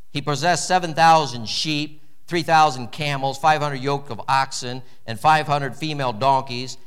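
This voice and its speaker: Animated preaching man, fairly high voice. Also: smooth. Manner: animated preaching with wide swings in pitch and volume. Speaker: pastor. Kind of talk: sermon.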